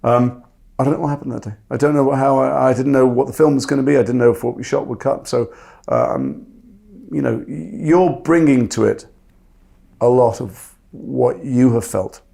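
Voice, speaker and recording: A man's voice: medium pitch, lively intonation, normal speed, creaky, dark tone. A middle-aged man, a guest actor talking reflectively and self-deprecatingly, often restarting his sentences. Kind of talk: reflective interview talk.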